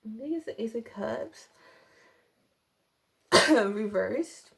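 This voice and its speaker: A woman's voice: fairly high pitch, expressive, slow pace, vocal fry, fairly bright tone. A young woman giving a casual tarot reading to camera at home, rambling with many fillers and apologetic asides. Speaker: tarot reader.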